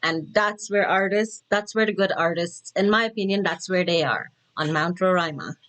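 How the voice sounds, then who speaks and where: A woman's voice: fairly low pitch, moderate pace, a bit bright. Chatty giggly woman reacting to music. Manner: chatty, giggly, paraphrasing lyrics with restarts. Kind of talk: casual commentary.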